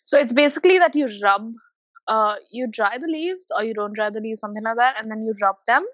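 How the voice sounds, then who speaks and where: A woman's voice: fairly high pitch, fast, fairly bright tone, no room sound. A woman talking in a casual podcast chat, giggly and hesitant, often trailing off.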